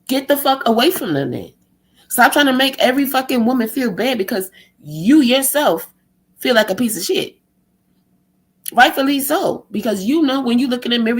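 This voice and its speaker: Profane, heated woman ranting on stream. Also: on the high side. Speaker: live-stream host.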